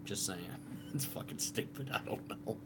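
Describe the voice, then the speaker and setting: A man's voice: on the low side, a little slow, very noisy. A man co-hosting a live stream in casual chat, laid-back and swearing freely.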